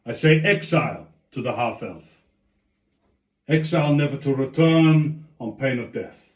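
A man's voice: mid-range voice, animated, lightly acted. A man doing a stern dwarf senator. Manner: slow, grave pronouncements of judgment. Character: honorable blonde dwarf senator, stern and solemn. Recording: echoey room.

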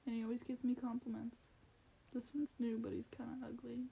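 A woman's voice: a little high, flat delivery, fairly quick, creaky, dark tone, slightly rough, highs cut off. A young woman chatting casually as a podcast guest, playful and teasing. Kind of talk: casual chat.

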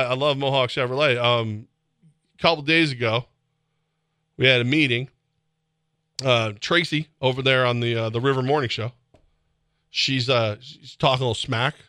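A man hosting sports radio, talking animatedly with laughs and sudden shouts, reading ads in a studio. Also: mid-range voice, clean tone, no room sound. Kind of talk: casual sports radio banter with live ad reads. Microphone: close studio mic.

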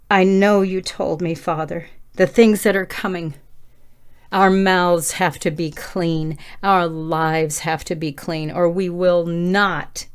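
A middle-aged woman leading a passionate prayer and sermon, pleading and fervent, rising toward shouting. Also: lowish voice, clean tone. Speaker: preacher.

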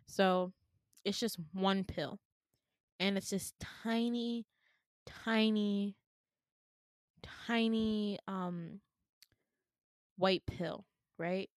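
A woman's voice: mid-range voice, fairly even intonation, unhurried, long pauses, no echo, studio quality. A young woman casually telling a dream story on a podcast, chatty and laughing often, swearing lightly and acting out the people she quotes. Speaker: podcast co-host.

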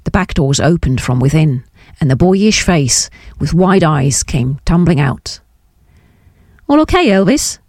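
A woman narrating a novel in a measured, descriptive audiobook reading. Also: low voice, a little mellow, no room sound, clean studio sound. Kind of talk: scripted narration.

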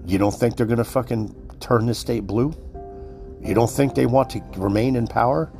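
A commentator with a medium-pitched, mellow voice, speaking at a moderate pace over soft background music. He delivers a heated, profane conspiracy rant to his listeners, getting worked up and repeating himself.

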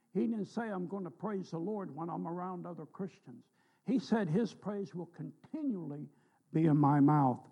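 A man's voice: a little high, dark tone, husky, dull audio. A man preaching a sermon in a church, telling folksy stories and rising with emphasis on scripture. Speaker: pastor. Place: church sanctuary.

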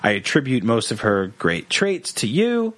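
A young man on a comedy podcast, telling a long personal story in an animated, joking way and acting out the people in it. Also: mid-range voice, moderate pace, no echo. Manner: animated storyteller, acts out quoted voices. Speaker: podcast co-host.

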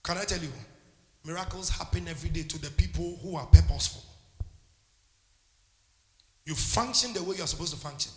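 Male pastor, high voice, impassioned sermon, booming church reverb. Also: fairly quick, long pauses, fairly bright tone. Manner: impassioned, calls out to the congregation.

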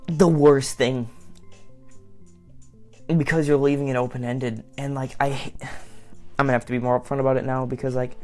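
A man's voice: medium pitch, little pitch movement, moderate pace, pauses often, warm tone, soft background music. Rambling, self-mocking young-sounding man. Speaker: vlogger. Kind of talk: casual solo monologue.

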